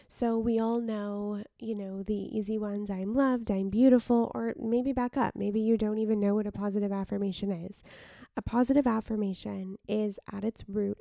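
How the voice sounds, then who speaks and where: A woman hosting her own podcast from a bedroom late at night, tired and with vocal fry, talking earnestly and repeating words for emphasis. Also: mid-range voice, warm tone, no echo, studio quality. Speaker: podcast host. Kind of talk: casual solo podcast monologue.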